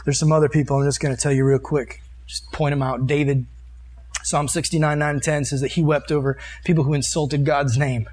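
A man's voice: fairly high pitch, level tone, brisk, a little mellow, husky. Earnest man preaching a casual sermon. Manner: reads and comments on scripture verses. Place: meeting room with a live audience.

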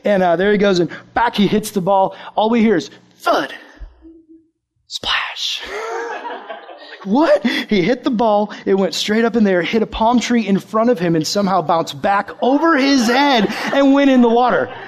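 A man's voice: high-pitched, normal speed. A young man preaching a casual sermon, telling a personal story with acted-out quotes.

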